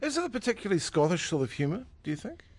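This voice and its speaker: A man's voice: high-pitched, very animated, racing. Kiwi co-host guy, curious, voice goes up and down a lot. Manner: curious, asking short questions. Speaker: radio co-host. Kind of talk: radio interview.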